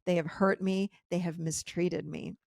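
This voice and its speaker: A middle-aged woman hosts her own podcast and tells a personal story in a candid, animated way, slipping into the voices of the people she quotes. Her voice sits on the low side and has a gravelly edge. The sound is dry and close, with no room around it. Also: unhurried, no echo. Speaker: podcast host.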